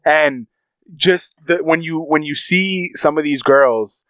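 A man's voice: on the high side, slow pace, fairly bright tone, clean tone, no room sound, muffled recording. A man co-hosting a podcast, talking in a casual, profane and rambling way, telling stories with animation. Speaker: podcast co-host. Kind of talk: casual chat.

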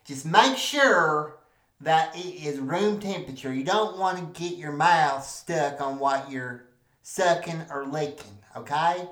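A man's voice: a little high, slow pace, roomy sound. A man playing a crude, rambling small-church preacher who swears constantly in a comedy monologue. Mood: ranting. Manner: profane, rambling, ranting.

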